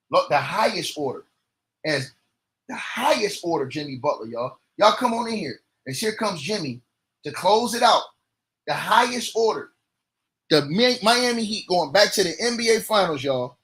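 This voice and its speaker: Hyped high-voiced man trash-talking on stream. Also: big pitch swings, normal speed, breathy edge. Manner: loud, repetitive, trash-talking. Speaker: livestream sports commentator. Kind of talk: hyped livestream sports talk.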